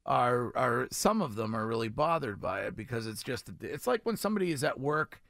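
Playful radio host, dry studio sound. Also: male voice, mid-range voice, expressive, a bit bright, no room sound. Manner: playful, laughs often, quick teasing banter. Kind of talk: casual morning radio chat. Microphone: studio mic.

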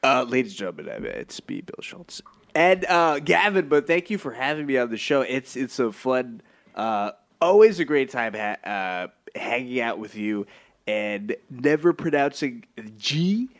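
Halting deadpan male comic guest, hesitant delivery that jumps to punch single words. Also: mid-range voice. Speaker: guest comedian.

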